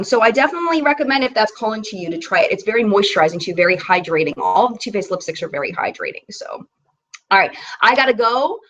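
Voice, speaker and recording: A woman's voice: fairly high pitch, a bit bright, muffled recording. Bubbly woman hosting a beauty live chat. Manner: chatty, bubbly, reads comments aloud. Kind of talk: casual live chat reading viewer comments.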